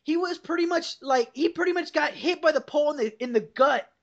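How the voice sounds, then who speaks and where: A young woman hosts a podcast, rambling through a profane story over a call and laughing along as she goes. Her voice sits high and creaky, a little fast. She's on a computer call mic, and the audio is dull and lo-fi.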